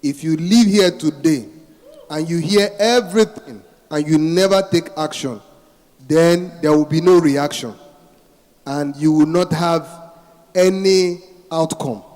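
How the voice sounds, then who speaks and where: Male panelist, exhortative, higher voice, long hall reverb. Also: a little slow, darkish tone. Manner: urging, exhortative. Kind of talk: closing remarks on a panel.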